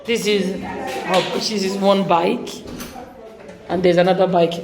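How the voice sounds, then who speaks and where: A woman's voice: mid-range voice, steady tone, a little slow. A young Nigerian woman vlogging a casual tour of a village house, talking with a Nigerian accent, mixing Igbo and English and exclaiming often.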